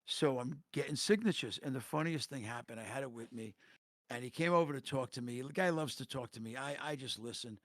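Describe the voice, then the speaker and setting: A man on a voice chat telling rambling, profane stories in a casual, animated way. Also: medium pitch, a little fast, no echo, clean studio sound. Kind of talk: casual storytelling. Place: home, voice chat.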